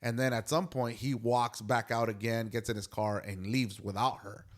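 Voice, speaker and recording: Young man, podcast co-host, casual storytelling, lively acted-out quotes, mid-pitched voice. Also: normal speed. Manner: animated retelling, acts out quoted dialogue.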